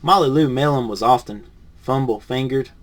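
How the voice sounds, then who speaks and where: A man, a teacher in training, reads a picture book aloud with lively rises on the punchlines, then reviews it softly and hesitantly. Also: mid-range voice, moderate pace. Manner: lively storybook reading, rising on punchlines, then soft and hesitant when reviewing.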